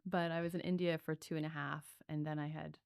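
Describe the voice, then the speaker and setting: A woman's voice: deep voice, little pitch movement, a little fast, gravelly, a little mellow, clean tone, no echo, clean studio sound. A woman breathwork coach telling her story in a podcast interview, earnest and reflective, with many fillers.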